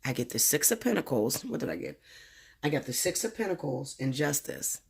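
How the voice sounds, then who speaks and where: A woman giving a casual tarot reading, talking bluntly and profanely with animated storytelling. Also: rumbling low, brisk, creaky, breathy edge. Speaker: tarot reader.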